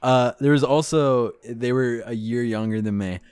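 A man's voice: medium pitch, moderate pace, a little mellow, smooth, no room sound. A young man co-hosting a casual podcast, laid-back with dry humor and casual swearing. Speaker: podcast co-host. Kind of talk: casual chat.

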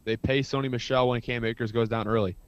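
A man's voice: medium pitch, fairly even intonation, quick pace, clear, resonant tone. A man co-hosts a casual sports podcast, rambling eagerly through stories. His sound comes through a bit dull and lo-fi. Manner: enthusiastic, rambling storyteller. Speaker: podcast co-host.

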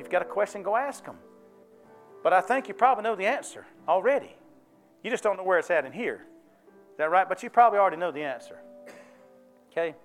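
High-voiced pastor preaching. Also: male voice. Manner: folksy, conversational preaching with call-and-response questions. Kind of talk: sermon. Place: church.

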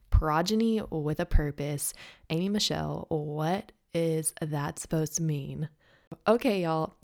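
A young woman with a slightly raspy voice, hosting a casual faith podcast in a bubbly, chatty way. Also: deep voice, a little mellow. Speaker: podcast host.

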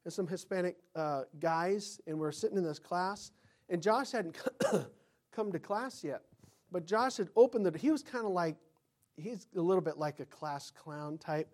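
A man preaching a sermon as pastor, telling stories and acting out quotes, swinging between loud and whispered lines. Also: high-pitched, a little slow.

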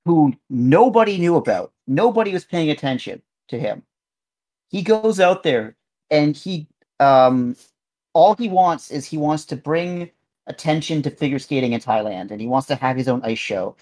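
A man's voice: fairly high pitch, animated, moderate pace, darkish tone. A man co-hosting a podcast in casual chat, rambling earnestly with frequent restarts. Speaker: podcast co-host.

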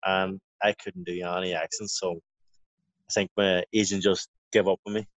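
The boxer's voice sits low, with flat delivery and a moderate pace, as he rambles through stories in a casual interview, swearing a lot and restarting frequently. The lo-fi recording is dry and dull, with a little hiss or hum.

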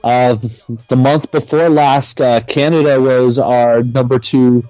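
A man hosting a wrestling podcast in casual chat, giving upbeat shout-outs and show updates. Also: medium pitch, level tone, slow pace, no echo. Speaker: podcast host. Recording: dry, slightly dull sound.

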